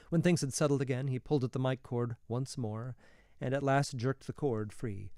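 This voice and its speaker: A man reading a novel aloud in a steady, measured storytelling voice. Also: medium pitch, no echo, clean studio sound. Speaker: reader.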